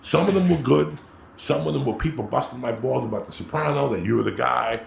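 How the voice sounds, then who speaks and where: A man telling a profane comic story in a brash, animated way, acting out the voices of the people in it. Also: mid-range voice, a little fast, creaky. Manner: brash, animated, acts out quotes. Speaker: podcast storyteller. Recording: roomy echo with faint noise.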